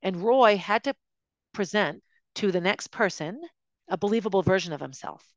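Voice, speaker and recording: A woman's voice: mid-range voice, expressive, normal speed, no echo, lo-fi sound. A woman tells her own story in an emotional, confiding monologue, often restarting her sentences. Her voice sits close and dry, with no room around it. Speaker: podcast host recounting her own life.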